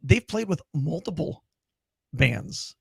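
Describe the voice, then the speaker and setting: A man interviewing a guest, asking halting, hesitant questions in a casual chat. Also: on the high side, sing-song, vocal fry, a little mellow, breathy edge, no room sound.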